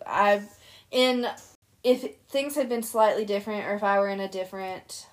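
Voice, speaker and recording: A young woman co-hosting a casual chat podcast, an animated storyteller who laughs often. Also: medium pitch, normal speed. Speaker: podcast co-host.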